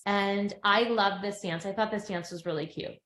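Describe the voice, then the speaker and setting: A woman's voice: medium pitch, normal speed. Chatty middle-aged woman in an echoey room. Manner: chatty storyteller, acts out quotes with animated voices. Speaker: podcast co-host. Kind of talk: casual chat recapping a TV episode.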